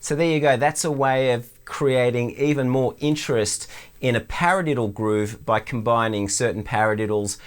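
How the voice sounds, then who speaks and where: A middle-aged Australian man teaching drums, explaining stickings in a relaxed way. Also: mid-range voice, normal speed, clean tone, faint music behind. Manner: relaxed, explanatory, counts in before playing. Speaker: drum teacher. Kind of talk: instructional demonstration.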